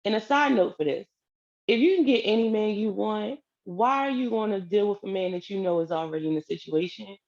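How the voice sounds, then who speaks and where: A woman's voice: medium pitch, fairly quick, dull audio. A woman telling a personal story in a casual way, acting out the lines of the people in it. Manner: animated, acts out quoted dialogue.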